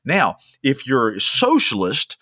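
A man's voice: medium pitch, wildly swooping pitch, takes it slowly, sharp tone, no echo, clean studio sound. A young man preaching a sermon as a pastor, emphatic and fond of repeating lines for stress. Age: young adult.

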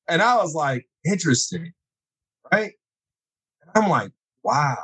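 Animated storytelling man, lively pitch. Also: takes it slowly, slightly rough, poor audio. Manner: lively, acts out scenes with sudden high-pitched exclamations. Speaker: guest telling personal stories.

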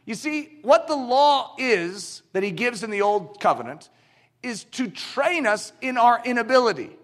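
Male preacher, high and sharp-toned, very expressive delivery, acts out scenes mid-sermon. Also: a little slow. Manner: animated, acts out dialogue and illustrations.

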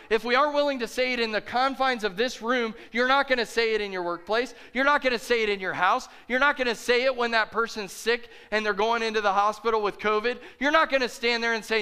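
Bright-voiced, passionate male pastor preaching. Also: extremely high pitch, a little fast, hardly any pauses, smooth. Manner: passionate, preaching with rising intensity. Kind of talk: sermon.

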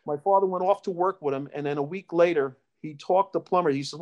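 Middle-aged man, slightly high voice, rambling storyteller being interviewed. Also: quick pace, darkish tone. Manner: rambling, with restarts and storytelling asides. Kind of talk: casual life-story interview.

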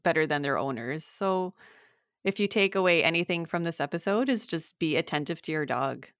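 Woman, podcast co-host, lively pitch, fairly low voice, short agreeing interjections, dry sound. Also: fairly quick, no echo. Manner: brief supportive interjections and agreement. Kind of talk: casual chat.

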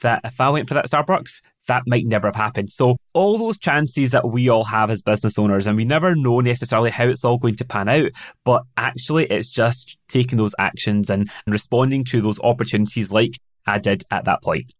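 A middle-aged man with a Scottish accent hosts a conversational podcast interview, telling stories in an upbeat, relaxed way. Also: medium pitch, brisk, dry recording, clean studio sound. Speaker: podcast host.

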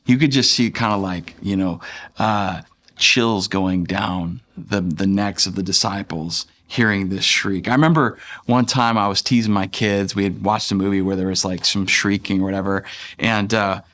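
A man's voice: sits low, steady tone, normal speed, fairly bright tone. A man in his thirties, a pastor, preaching a sermon in a conversational, playful way and acting out voices from the scripture.

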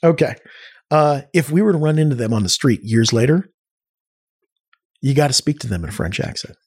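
Male guest telling rambling, animated stories in a relaxed chat. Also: mid-range voice, brisk, husky. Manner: rambling, animated storyteller with many restarts. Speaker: podcast guest. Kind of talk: casual storytelling chat.

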